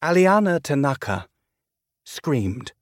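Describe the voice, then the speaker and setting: A man reading a novel aloud as an audiobook narrator, with a measured, deliberate delivery. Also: fairly high pitch, very animated, no room sound, studio quality. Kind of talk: scripted narration.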